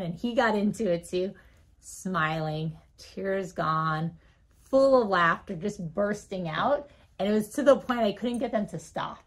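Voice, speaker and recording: A woman, a physician guest on an interview show, telling a story with lively delivery and laughing often. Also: mid-range voice. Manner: lively, acts out voices in her anecdotes, laughs often.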